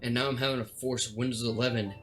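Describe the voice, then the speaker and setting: An exasperated man rants in a casual stream, piling on dramatic complaints and tripping over restarts. His voice sits in a middle pitch, with faint music playing behind him. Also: flat delivery, fast. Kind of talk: casual ranting vlog.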